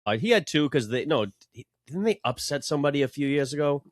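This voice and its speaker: A man's voice: fairly high pitch, lively intonation, fast talker, dry recording, studio quality. A man co-hosting a casual sports podcast, talking with profanity and a sarcastic edge, often mocking people in put-on quotes. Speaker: podcast co-host.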